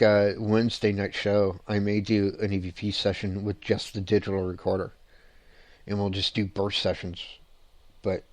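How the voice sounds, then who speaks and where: A man hosting a paranormal show, telling ghost-hunting stories in a rambling, excited way with frequent laughs and restarts. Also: lowish voice, no room sound. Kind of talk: casual storytelling on a show.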